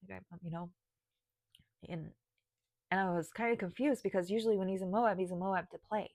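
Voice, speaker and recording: A spiritual guide and video creator addresses the camera personally about her spiritual path, tearing up, choking, sighing and restarting. She talks at normal speed in a medium-pitched voice. The recording is dry, with clean studio sound.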